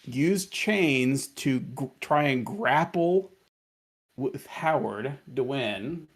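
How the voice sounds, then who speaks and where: Slow, gravelly man running a tabletop game. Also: medium pitch, expressive. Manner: halting, with many restarts and fillers. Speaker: game master.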